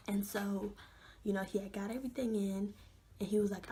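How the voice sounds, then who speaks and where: Mellow-voiced young woman telling a story. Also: mid-range voice, normal speed, pauses often. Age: young adult. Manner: animated storytelling, many fillers, drops to a hush. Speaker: vlogger. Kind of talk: storytime vlog.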